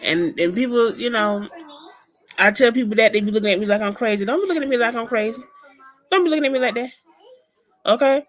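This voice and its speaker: A woman guest in an interview, telling a personal story in an animated, emphatic way and speaking straight to her listeners. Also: a little high, fast talker, long pauses.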